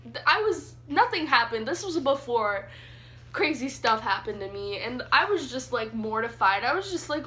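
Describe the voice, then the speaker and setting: A young woman telling a story in a casual vlog, chatty and animated with lots of fillers. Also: fairly high pitch, moderate pace. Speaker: vlogger. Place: sitting on the floor indoors.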